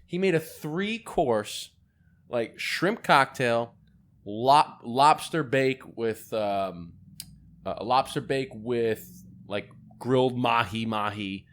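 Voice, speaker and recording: A man's voice: mid-range voice, expressive, slow pace, a bit bright. Swearing, rambling young man telling a story. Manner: rambling storyteller, swears freely, many restarts. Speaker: podcast co-host. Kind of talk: casual podcast chat.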